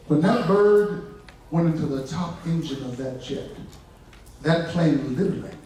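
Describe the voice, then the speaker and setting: A man preaching a revival sermon, telling stories in folksy asides and building from low narration to shouted climaxes, with the congregation answering back. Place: church sanctuary. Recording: echoey church hall from far off, congregation. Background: congregation responding.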